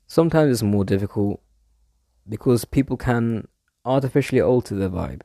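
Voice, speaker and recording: A man's voice: mid-range voice, lively intonation, moderate pace, mellow, dry recording, clean studio sound. A man in a rambling, digressive solo monologue, casually chatting and now and then swearing.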